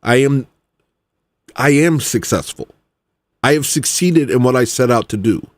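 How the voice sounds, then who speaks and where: Man, musician, ranting monologue, heated, low grumbles then loud outbursts, medium pitch, dry recording. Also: expressive, a little slow, dry recording. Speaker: independent musician.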